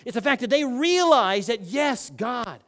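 High-voiced male preacher, rhetorical. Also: animated, a little slow. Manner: rhetorical questions, swings between hushed and loud. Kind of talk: sermon.

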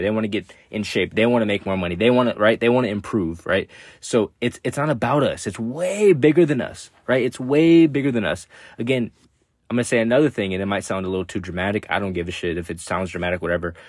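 Brief: young male podcast host, low-pitched, dry close sound, swears freely, repetitive pep talk. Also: quick pace, no room sound. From United States. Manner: blunt, heavy swearing, repeats himself. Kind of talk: casual motivational monologue.

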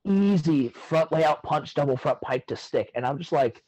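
A man's voice: a little high, lively intonation, normal speed, darkish tone. A man co-hosting a podcast, chatting casually and laid-back with lots of fillers, on poor-quality audio. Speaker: podcast co-host. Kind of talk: casual chat.

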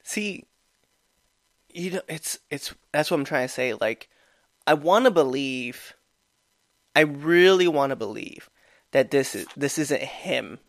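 A man's voice: mid-range voice, fairly bright tone, no echo, studio quality. A man co-hosting a casual sports podcast, talking loosely with many fillers and restarts. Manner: loose, rambling, lots of fillers. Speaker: podcast co-host. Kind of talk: casual chat.

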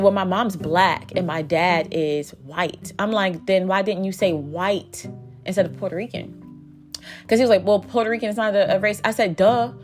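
A woman in her thirties telling a dating story in a casual vlog, blunt and profane, with a sarcastic edge. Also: medium pitch. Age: 30s. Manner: blunt, profane, sarcastic, talks back and forth. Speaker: vlogger.

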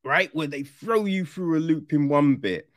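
A film reviewer, giving a casual, animated review full of swearing and acted-out reactions. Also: medium pitch, moderate pace, no echo, clean studio sound.

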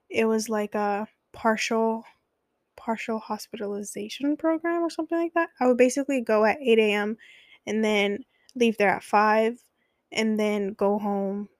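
A woman's voice: a little high, no echo, studio quality. A young adult woman telling a personal story in a candid, conversational way, with many fillers.

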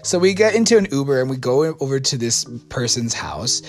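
A man's voice: mid-range voice, lively intonation, moderate pace, few pauses. American male storyteller, chatty and rambling, faint music underneath. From United States. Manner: rambling, self-correcting, many fillers. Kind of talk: casual storytime.

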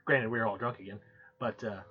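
A man's voice: on the low side, fairly even intonation, brisk, slight background noise. A man co-hosting a podcast, chatting in a rambling, laid-back, profane way. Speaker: podcast co-host. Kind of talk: casual chat. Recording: dull, muffled audio.

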